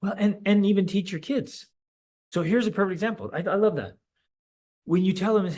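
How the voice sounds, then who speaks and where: A man's voice: sits high, expressive, a little fast, pauses often, a little mellow. A middle-aged man co-hosting a podcast in casual chat, emphatic, acting out little scenes in quoted voices. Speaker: podcast co-host.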